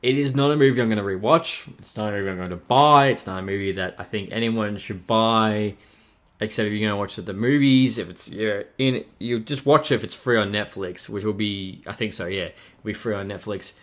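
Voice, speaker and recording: A man's voice: on the low side, brisk, fairly bright tone. A man hosting a podcast, giving a casual, exasperated movie review and repeating "no joke" as he retells scenes. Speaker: podcast host reviewing films.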